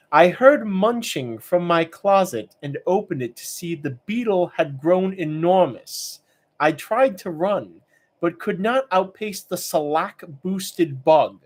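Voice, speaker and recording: Guy doing a calm smooth young host voice, a bit higher, slow and dramatic. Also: full character voice. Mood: mock dramatic. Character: calm, professional young male tournament host.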